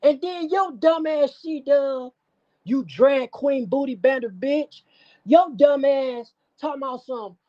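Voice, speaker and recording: A woman hosting a livestream scolds and preaches at someone in a profane call-out rant, her voice high, slow and warm. The stream audio sounds dull and lo-fi.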